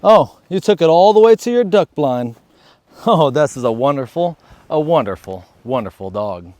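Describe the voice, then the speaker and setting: A man's voice: a little high, expressive, moderate pace, darkish tone, dry recording. A man filming a casual dog-training vlog outdoors in a marsh or field, chatty and upbeat, calling out commands and praise to his dog.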